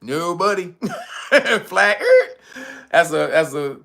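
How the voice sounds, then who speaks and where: Brief: male stream host, bright high voice, unhurried, constant laughter. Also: lively intonation, gravelly. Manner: laughs constantly, loose and profane. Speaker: livestream host. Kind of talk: livestream chat commentary.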